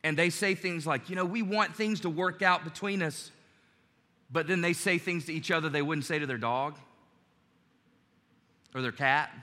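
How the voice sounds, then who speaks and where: Bright-voiced male pastor in a reverberant hall. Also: on the high side, moderate pace, long pauses. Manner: conversational preaching, acts out quoted lines. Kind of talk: sermon.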